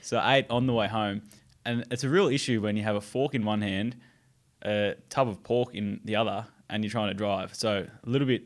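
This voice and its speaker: A man's voice: lowish voice, steady tone, fairly quick. A man co-hosting a casual chat with an Australian accent, asking dry, wry questions. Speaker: co-host.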